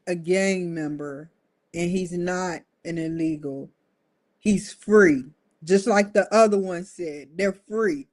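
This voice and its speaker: A woman hosting her own stream, riffing with loose, joking commentary and frequent laughs. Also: on the low side. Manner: laughing, animated storytelling with mock quotes; loose, colloquial, rambling. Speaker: streaming show host.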